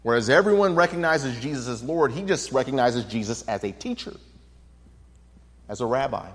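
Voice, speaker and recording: A man's voice: medium pitch, lively intonation, normal speed, big-room sound. A man teaching a Bible study in an earnest, explanatory way, reading scripture passages aloud and commenting on them. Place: room with a projection screen.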